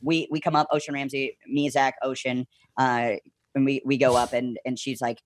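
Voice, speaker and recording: A man telling a story as a podcast guest in a casual, animated way, filling his speech with "like" and acting out what people said. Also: medium pitch, normal speed. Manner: animated, full of "like" and acted-out quotes.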